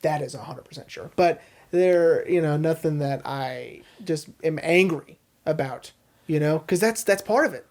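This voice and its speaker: A podcast co-host in loose, casual talk about movies at a middle pitch. The voice is emphatic and salted with swearing, often tagging sentences with "you know?" and "you know what I mean?". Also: moderate pace, a little mellow.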